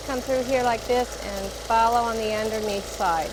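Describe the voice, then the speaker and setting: A woman with a slightly raised pitch walks through a quilting demonstration step by step. She talks chattily as she works. A longarm sewing machine hums clearly under her voice in the studio. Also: normal speed. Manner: chatty, narrating each step as she stitches. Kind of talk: hands-on demonstration. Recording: steady machine noise behind the voice. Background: longarm sewing machine hum.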